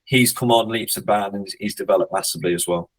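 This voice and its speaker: Rugby coach guy chatting on a podcast, lowish voice, thinks out loud, restarts a lot. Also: fast, low-quality recording. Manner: reflective, hesitant restarts, blunt swearing when joking. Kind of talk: casual podcast interview.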